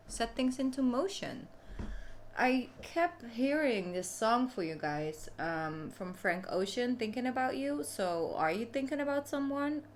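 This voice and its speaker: A woman's voice: lowish voice, slight background noise. Chatty woman giving a tarot reading. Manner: chatty and informal, often saying "you know". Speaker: tarot reader. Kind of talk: casual monthly tarot reading.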